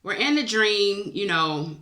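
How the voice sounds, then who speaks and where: A woman's voice: mid-range voice, lively intonation, slow, pushed and bright. A woman vlogger, emotional and chatty, tells viewers a personal dream story, teary-eyed and calling them y'all.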